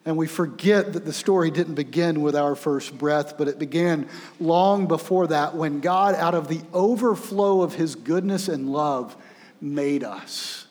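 A male pastor preaching a sermon, telling stories in a conversational, animated way. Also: on the high side, measured pace. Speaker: senior pastor. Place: church sanctuary. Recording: long reverb of a large hall.

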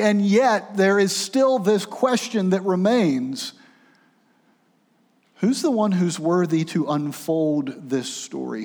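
A man preaching a sermon, swinging between urgent raised passages and hushed, quiet ones. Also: high voice, long reverb tail.

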